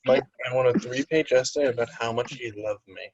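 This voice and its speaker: A young man chats as a podcast co-host, animated and quick to slip into high-pitched voices when he quotes people. His voice sits in a middle range. The sound is dull and lo-fi, with a dry, close feel. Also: no echo. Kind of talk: casual chat.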